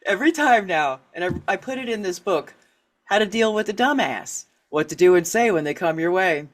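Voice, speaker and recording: A middle-aged author and writing coach speaks candidly as an interview guest in a brisk, mid-range voice. She's animated, laughs often and acts out the reactions she quotes.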